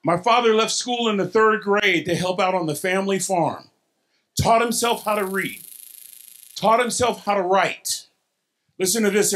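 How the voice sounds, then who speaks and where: A man's voice: high voice, fairly bright tone. A man with a Texan accent giving a motivational keynote, folksy and playful, leading the audience in call-and-response. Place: large hall with live audience.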